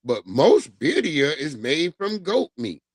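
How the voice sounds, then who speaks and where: A middle-aged man hosting a casual livestream, ranting in a loose, profane, animated way and laughing often. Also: fairly high pitch, takes it slowly, no room sound. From New York. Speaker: livestream host.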